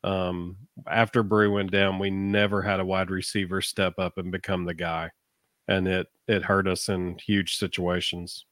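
A man's voice: low-pitched, flat delivery, fairly bright tone, dry recording. Eager man co-hosting, dry close sound. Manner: enthusiastic, quick to agree. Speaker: podcast co-host. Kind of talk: casual sports chat.

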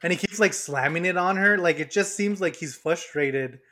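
A man's voice: high voice, moderate pace, sharp tone. A man co-hosting a podcast, casually and animatedly retelling movie scenes and laughing as he goes. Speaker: podcast co-host. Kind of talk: casual chat.

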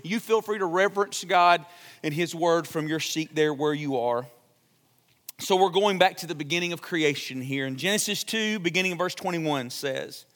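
A young pastor preaches in a church sanctuary as a chatty, joking storyteller. His voice is high and bright. The long reverb of the hall trails after every phrase. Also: normal speed. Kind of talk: sermon.

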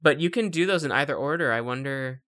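A let's play commentator chatting casually over gameplay, hesitant and quick to laugh. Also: medium pitch, fairly bright tone, no echo, studio quality.

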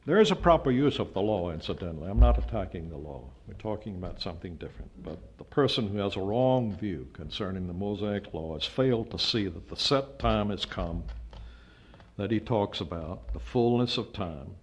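An older man preaching a sermon, emphatic, with his voice rising to loud peaks when he stresses a point. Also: lowish voice, expressive, normal speed, slightly rough. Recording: dull lo-fi sound.

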